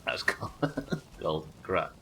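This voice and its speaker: Lively British man streaming a game. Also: low voice, measured pace, creaky, a little hiss or hum. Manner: chatty, sweary, talks to himself while building. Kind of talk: casual let's-play commentary.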